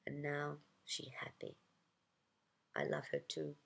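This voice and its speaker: Old Russian grandma, as told by the narrator, gravelly smoker's voice, cooing, blunt broken English. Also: female voice, deep voice, very animated, takes it slowly, exaggerated voice. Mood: confiding. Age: older. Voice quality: smoke-laden voice.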